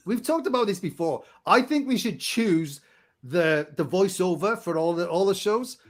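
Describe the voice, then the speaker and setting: High, lively man with a Barnsley accent. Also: normal speed. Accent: Barnsley, Yorkshire. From England. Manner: animated storytelling, laughs often, stumbles. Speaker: podcast co-host. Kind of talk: casual chat.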